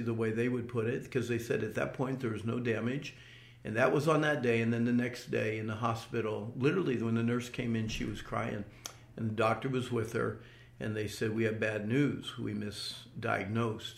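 Gravelly older man telling his story. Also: medium pitch, roomy sound. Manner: earnest storytelling with repeated restarts. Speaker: interviewee. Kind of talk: personal testimony.

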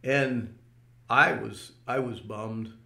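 An older man tells his story in an interview with an earnest, plain delivery and frequent small restarts. His voice has a gravelly texture, and the sound carries the echo of a roomy space. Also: medium pitch, very slow, sharp tone. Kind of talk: personal testimony.

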